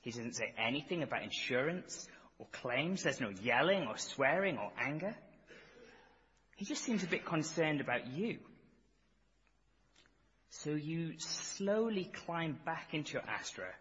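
A man's voice: a little high, animated, a little slow, pauses often, fairly bright tone, breathy edge. A man preaching a sermon, telling a vivid, dramatic second-person story and then reading scripture aloud. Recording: echoey hall, dull lo-fi sound.

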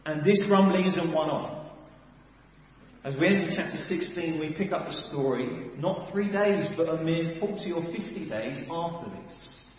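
A man preaching a sermon, animated, full of rhetorical questions and sudden swings between loud and hushed. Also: on the high side, measured pace, a little hiss or hum. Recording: echoey hall, dull sound.

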